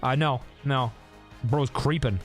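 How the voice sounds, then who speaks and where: A man's voice: medium pitch, takes it slowly, soft background music. A man streaming a video game, talking casually as he plays, thinking aloud and answering chat, often breaking into laughter. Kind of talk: casual gameplay commentary.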